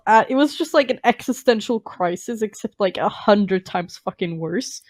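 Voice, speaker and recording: A woman's voice: mid-range voice, lively intonation, moderate pace, hardly any pauses, darkish tone, no echo. A woman whose first language is Norwegian, chatting as a podcast guest, blunt and sarcastic with a lot of swearing. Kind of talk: casual chat.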